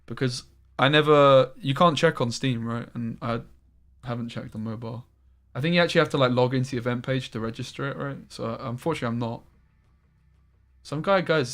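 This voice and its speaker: A man streaming a card game live, chatting casually with viewers and breaking into loud exclamations. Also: mid-range voice, a little fast. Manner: chatty, talks to chat, bursts into loud exclamations.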